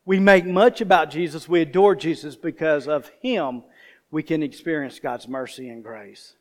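A man's voice: fairly high pitch, moderate pace. A man preaching a sermon, telling a homely story and speaking straight to the congregation. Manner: folksy storytelling, addresses the congregation directly. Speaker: pastor.

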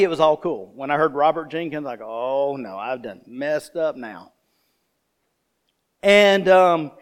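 A man preaching a sermon, telling a homely story and speaking straight to the congregation. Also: a little high. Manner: folksy storytelling, addresses the congregation directly. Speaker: pastor.

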